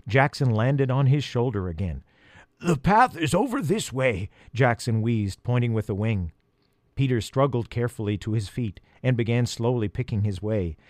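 A man reading a children's adventure story aloud, with a dramatic delivery that slows down at tense moments. His voice sits at an ordinary middle pitch for a man. The recording is dry and close, with no room sound at all. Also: darkish tone, no room sound. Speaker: audiobook reader. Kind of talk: storybook narration.

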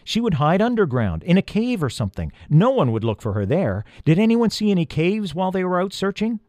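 A man's voice: high voice, sing-song, a little fast, a little mellow, no room sound, pitched above the performer's own voice. A man voicing an earnest, clever young boy in a storybook reading, thinking aloud with urgency. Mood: excited.

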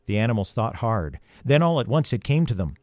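A man reading a chapter of a children's storybook aloud, expressive and gently paced. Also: mid-range voice, brisk, no echo. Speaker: audiobook reader.

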